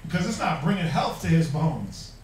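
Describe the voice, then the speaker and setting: A man's voice: fairly high pitch, very animated, normal speed, darkish tone, slight background noise. A man teaching a Bible class, preaching emphatically with rhetorical questions and mocking quotes. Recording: echoey room, mic far off.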